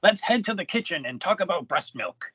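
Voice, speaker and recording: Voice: mid-range voice, big pitch swings, brisk, pushed and bright, slightly rough, no echo. A podcast co-host in casual chat about a movie, commenting in a dry, puzzled way. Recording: dull, lo-fi dry recording.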